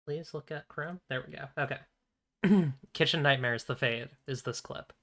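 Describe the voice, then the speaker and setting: A man's voice: on the high side, measured pace, fairly bright tone. A man streaming a video game, chatting casually and rambling while keeping his voice down. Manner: rambling, keeps his voice down, frequent throat clearing. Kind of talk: casual let's-play commentary.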